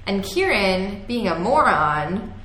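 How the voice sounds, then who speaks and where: A woman's voice: medium pitch, sing-song, slow pace, background noise. A young adult woman co-hosting a podcast in casual chat, talking loosely with lots of "like" and frequent laughs. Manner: chatty, laughs often, fillers of "like". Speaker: podcast co-host. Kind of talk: casual chat about a TV show. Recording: echoey room.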